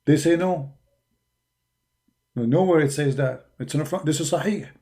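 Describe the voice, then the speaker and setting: A man from the Arab world with an Arabic accent, speaking English as a second language with broken grammar, arguing forcefully in a preaching monologue. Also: on the high side, normal speed. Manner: forceful, argumentative, with non-native grammar. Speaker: religious debater.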